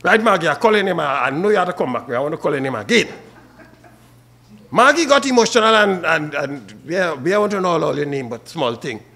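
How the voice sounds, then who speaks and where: A man's voice: fairly high pitch, expressive, fairly quick, sharp tone. A man with a Trinidadian accent preaching a funeral sermon and calling out to the mourners by name. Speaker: officiating minister at a funeral.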